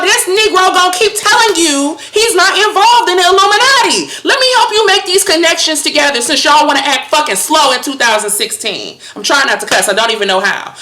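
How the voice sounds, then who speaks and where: Woman ranting, bright and heated. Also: mid-range voice, roomy sound. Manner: profane, scolding, sarcastic. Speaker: commentator. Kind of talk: heated monologue rant.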